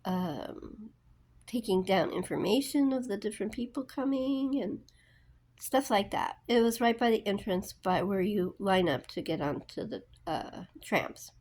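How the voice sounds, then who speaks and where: Woman, casual vlog storyteller, unhurried and rambling, full of fillers. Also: medium pitch, expressive, darkish tone. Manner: rambling, many fillers and restarts. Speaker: book vlogger.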